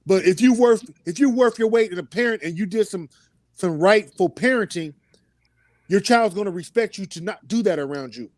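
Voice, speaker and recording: High-voiced man in loose, profane talk. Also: lively intonation, moderate pace, a little mellow, no room sound. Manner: loose, profane, storytelling with acted-out quotes. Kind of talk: casual chat.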